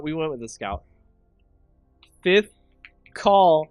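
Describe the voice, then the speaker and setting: An excitable male streamer thinking out loud through his card picks and bantering with chat, his pitch leaping up and down as he gets hyped. The sound is close and dry, with soft music playing underneath. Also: takes it slowly, pauses often, no room sound. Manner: excitable, chatty, thinks aloud and laughs a lot. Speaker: streamer and channel host. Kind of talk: casual game commentary with chat.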